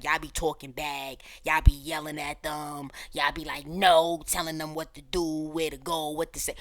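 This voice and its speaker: A young adult woman hosting a reaction video, chatting casually in heavy slang and bursting into loud outbursts. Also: sits low, no echo.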